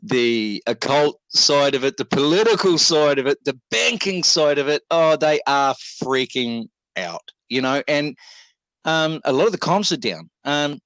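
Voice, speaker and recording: A man's voice: on the high side, sing-song, measured pace, fairly bright tone, no echo, poor audio. A man co-hosting a casual talk show, laid-back and reassuring, with lots of ums and uhs.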